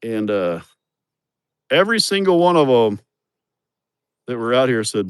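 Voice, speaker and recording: Streaming from a building site with his phone in hand, this male host tells crude, blunt, joking stories in a casual chat. His mid-range voice is a little slow and sing-song, with a clean, studio-quality tone and no room sound.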